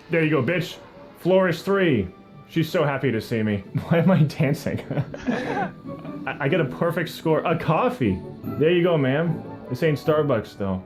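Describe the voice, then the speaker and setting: A man's voice: fairly high pitch, a little mellow. A young man from Canada giving jokey, self-mocking live commentary while streaming a video game.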